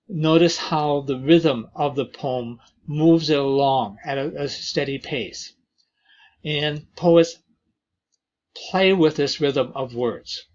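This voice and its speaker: A man teaching an introductory lesson on poetry, talking slowly with frequent fillers and reading verses aloud. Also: on the high side, darkish tone, lo-fi sound. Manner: slow, deliberate delivery with many fillers and reading aloud of verses. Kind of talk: lecture on poetry.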